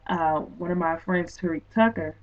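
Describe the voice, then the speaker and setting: A woman author telling a story in an interview, excited and animated, acting out what people said. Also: lowish voice, moderate pace. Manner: excited, animated retelling with quoted speech. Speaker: guest author and poet. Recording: distant, tinny phone-like sound.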